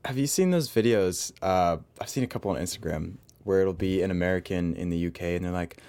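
A man's voice: sits low, fairly quick, darkish tone, clean tone. A young man in casual chat as co-host, joking and laughing often, talking from home.

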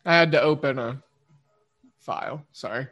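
A man with an Oklahoma twang hosting a sports betting podcast in a rambling, quick-fire casual monologue that often corrects itself. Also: mid-range voice, fairly bright tone.

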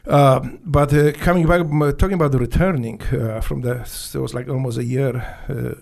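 A man with a gravelly, dark voice and a Polish accent tells his stories as a guest in an interview. He swears freely, restarts his sentences and speaks broken English. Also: medium pitch, fairly even intonation. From Poland. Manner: blunt, profane, halting with restarts and broken English. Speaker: guest, former Navy SEAL. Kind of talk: casual storytelling interview.

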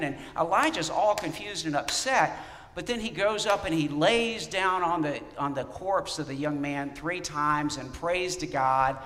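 Animated male pastor preaching in a hall. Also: fairly high pitch, moderate pace. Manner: animated, asks the congregation questions. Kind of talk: sermon.

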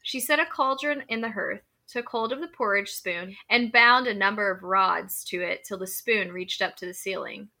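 A woman's voice: mid-range voice, normal speed, creaky, hardly any pauses, sharp tone. A woman co-hosting a podcast, chatting casually and reading folklore aloud, profane and prone to asides and laughter. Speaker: podcast co-host.

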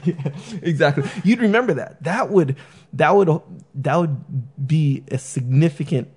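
A man's voice: fairly high pitch, measured pace, darkish tone, slightly rough. A man in casual conversation, rambling with many fillers and acting out the people he quotes. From San Diego area.

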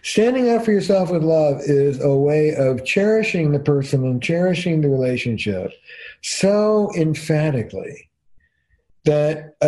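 Emphatic older man telling stories. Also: on the high side. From New Jersey. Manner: animated storytelling, emphatic. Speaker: couples therapist. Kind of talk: casual podcast conversation.

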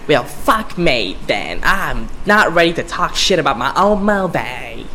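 A man's voice: fairly high pitch, very animated, measured pace, pushed and bright, slight background noise, full character voice. A man doing a comedic impression of a brash, crude female antihero, with a voice that drifts toward British. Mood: sassy. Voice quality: mixed British-like accent by mistake. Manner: sassy, profane teasing.

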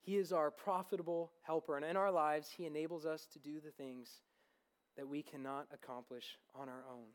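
A man's voice: on the high side, fairly even intonation, moderate pace, smooth. A young man preaching a sermon as pastor, earnest and growing fervent. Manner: earnest, building to fervent enthusiasm.

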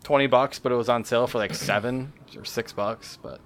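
A male podcast co-host talks fairly quickly at medium pitch with fairly even intonation, over a little hiss or hum. In casual chat he discusses a game he found, meandering somewhat with fillers and self-corrections.

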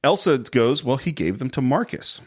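A man hosting a film podcast in casual discussion, animated and often laughing as he acts out movie lines. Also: mid-range voice, moderate pace. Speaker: podcast host.

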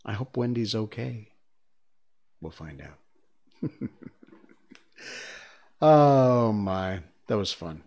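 A man's voice: on the low side, takes it slowly, creaky, long pauses, husky. A man streaming, reading a children's book aloud and chatting casually with viewers afterward. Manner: lively, expressive, chatty with fillers. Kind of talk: read-aloud narration and casual stream chat.

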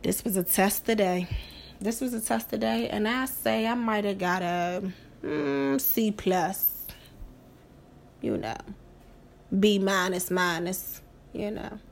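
A woman's voice: mid-range voice, slow pace, creaky, long pauses, a little hiss or hum. A woman hosting a podcast in a casual monologue, profane and emphatic, repeating phrases for effect. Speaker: podcast host.

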